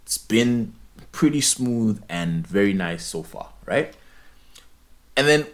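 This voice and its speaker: A man's voice: fairly low pitch, lively intonation, takes it slowly. A young Zimbabwean man whose first language is Ndebele, telling a story in casual chat and acting out both sides of a phone call.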